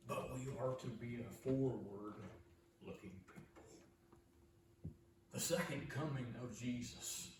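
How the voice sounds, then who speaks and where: Slow-preaching pastor in an echoey church. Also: male voice, lowish voice, noisy background. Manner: slow, earnest preaching with rising emphasis on scripture. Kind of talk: sermon. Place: church sanctuary. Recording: echoey church recorded from far off.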